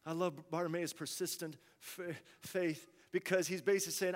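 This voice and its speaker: A man preaches from the pulpit, his voice sitting high for a man. He drops to near-murmurs and then swells into loud, pleading cries. The sound rings out with a long reverb, as in a large church hall. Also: steady tone, moderate pace, hardly any pauses. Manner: preaching with swings from hushed to shouted. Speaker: pastor. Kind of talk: sermon.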